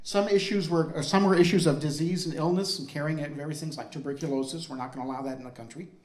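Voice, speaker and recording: High-voiced man telling a story. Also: steady tone, fast, a little mellow, echoey room. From United States. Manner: conversational, asks the audience questions. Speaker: speaker on family history. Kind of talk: storytelling talk to an audience.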